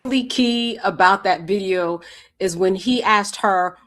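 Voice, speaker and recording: A woman's voice: medium pitch, unhurried, a bit bright. A woman speaking as a panelist in political commentary, emphatically explaining legal rights point by point.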